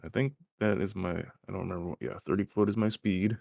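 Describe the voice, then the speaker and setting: A man's voice: deep voice, steady tone, fast, gravelly, darkish tone, no room sound, clean studio sound. A man playing a character in a tabletop game, offhand and a little unsure of the rules. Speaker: player. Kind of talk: casual play talk.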